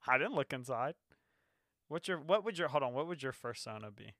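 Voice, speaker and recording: A young man co-hosting a podcast, casual and teasing, animated and quick to laugh, on a close microphone. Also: medium pitch, gravelly, heavy background noise. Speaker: podcast co-host. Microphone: close podcast mic.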